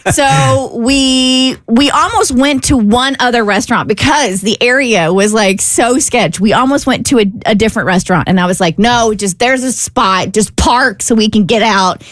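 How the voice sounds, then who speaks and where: Woman on morning radio gushing through a story, kinda high voice, dry mic. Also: moderate pace, few pauses, no room sound. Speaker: radio show co-host.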